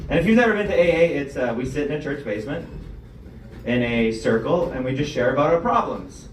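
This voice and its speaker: A man's voice: fairly high pitch, animated, a little fast, reverberant, far from the mic, slight background noise, poor audio. A young man hosting a comedy show and doing stand-up, telling self-deprecating stories with acted-out quotes. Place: comedy club stage.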